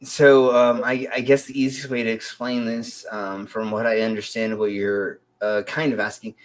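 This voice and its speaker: A man co-hosts a loose, joking livestream chat. His voice sits at a middle pitch. He speaks deliberately because of a split tongue and lets a slight lisp through. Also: little pitch movement. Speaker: co-host.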